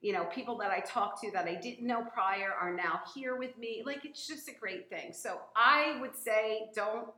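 A woman's voice: on the high side, moderate pace, few pauses, pushed and bright. A woman guest in a casual chat, talking in a rambling, emotional way with many fillers and laughs. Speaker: guest, gym member sharing her story. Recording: roomy echo.

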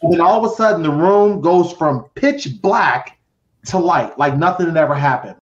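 On a podcast, a middle-aged man shares a personal tale dramatically, imitating voices and counting down. His pitch runs on the high side and his pace is moderate, and the audio sounds roomy, dull and lo-fi.

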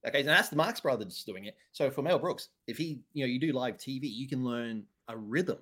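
A man's voice: medium pitch, lively intonation, brisk, a bit bright, husky. A man co-hosting a podcast, chatting about film history at length with a teasing streak. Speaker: podcast co-host. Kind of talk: casual film chat.

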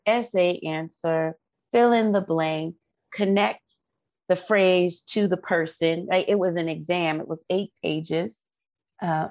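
A woman with a low, gravelly voice tells an earnest, heartfelt story as an interview guest. Her voice is close and dry, with no room around it. She talks at length with real feeling. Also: a little mellow, no room sound. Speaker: guest parent.

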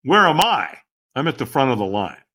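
Animated, bright-voiced man telling a story. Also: mid-range voice, normal speed. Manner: lively, dramatic retelling with acted-out quotes. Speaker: podcast guest.

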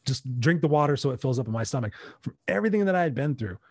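A man's voice: medium pitch, lively intonation, rapid-fire, darkish tone, breathy edge, no room sound, clean studio sound. A middle-aged American man telling a personal story in conversation, animatedly acting out his own past dialogue. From United States. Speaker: interview guest.

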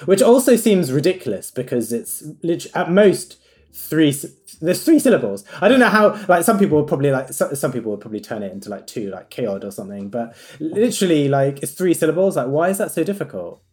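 Man, higher voice, rambling. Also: very animated, brisk, a little mellow. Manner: reflective, filler-heavy rambling with many "like"s. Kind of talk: casual podcast chat.

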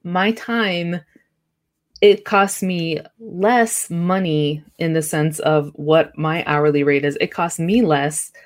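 A woman's voice: sits low, steady tone, slow pace. A woman hosting a podcast, chatting casually and affirming her guest. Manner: conversational, affirming with short backchannels. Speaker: podcast host.

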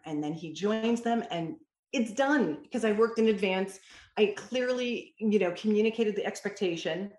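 A woman's voice: medium pitch, expressive, normal speed. A woman who mentors parents, answering interview questions in an emphatic, storytelling way. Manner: emphatic, storytelling with quoted dialogue. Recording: roomy echo.

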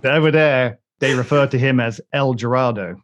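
A British man hosts a casual podcast chat at a middling pitch, rambling and joking as he restarts his sentences. His voice comes through a dull, lo-fi recording with the top end rolled off. He keeps an easygoing, chatty rhythm. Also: moderate pace, a little hiss or hum. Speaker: podcast host.

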